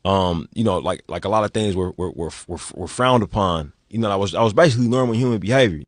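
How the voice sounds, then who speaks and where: A man's voice: on the low side, dry recording, studio quality. Man with a thick Oakland accent. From Oakland, California. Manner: halting, repeats words, many "you know what I mean". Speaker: guest speaker. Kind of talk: clip of a casual panel talk.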